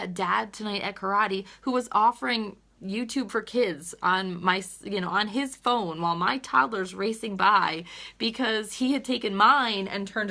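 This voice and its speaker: Her creaky mid-range voice carries a sharp tone. A thirtysomething teacher and mom, she chats earnestly with viewers on a live phone stream, alternating between laughter and holding back tears.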